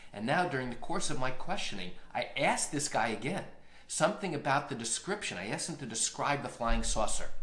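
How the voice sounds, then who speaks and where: A man, a lawyer hosting a live stream, telling a courtroom story in a lively way and acting out the quotes. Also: medium pitch, roomy sound.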